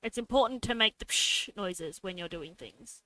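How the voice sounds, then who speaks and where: Bright-voiced woman chatting while drawing. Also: medium pitch, normal speed. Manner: talks to herself while drawing, adds playful sound effects. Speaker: streamer. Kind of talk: casual live-stream chatter while drawing.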